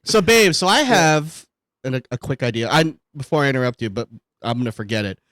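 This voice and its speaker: A man's voice: mid-range voice, expressive, fairly quick, a bit bright, dry recording. A man co-hosting a casual podcast, rambling and joking, poking fun at himself and swearing freely. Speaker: podcast co-host.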